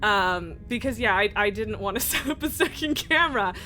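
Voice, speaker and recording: A woman's voice: medium pitch, animated, moderate pace, pushed and bright. A young woman streaming a game, chatting casually and giggling often. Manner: chatty and giggly, many fillers. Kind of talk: casual live-stream chat. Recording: game music underneath.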